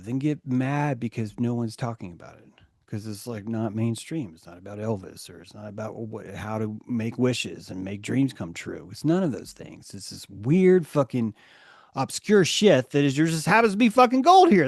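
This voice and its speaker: A man talks in a heated, rambling way, swearing often and lurching between low muttering and loud outbursts. His voice sits at a middle pitch. The sound is dry and close, with no room around it. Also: creaky, dry recording. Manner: profane, rambling, swings from muttering to shouting. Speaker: podcast host. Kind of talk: heated casual chat.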